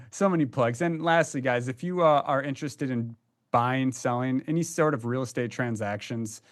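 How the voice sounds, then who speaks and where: A man's voice: mid-range voice, normal speed. Chatty male podcast co-host. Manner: chatty, loose, many fillers. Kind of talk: casual podcast chat.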